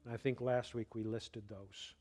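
A man preaching a sermon, slow and deliberate, rising now and then to emphatic bursts. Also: mid-range voice, steady tone, a little mellow. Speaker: pastor.

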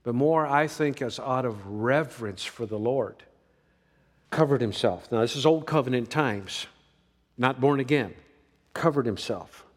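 A man preaching a sermon, swinging between emphatic lines and hushed ones. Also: mid-range voice, a little slow. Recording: long reverb of a large hall.

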